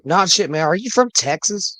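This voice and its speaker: A man's voice: sits high, lively intonation, moderate pace, sharp tone, no room sound. A man joining a live show as a guest, chatting in a laid-back way and swearing freely. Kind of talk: casual chat.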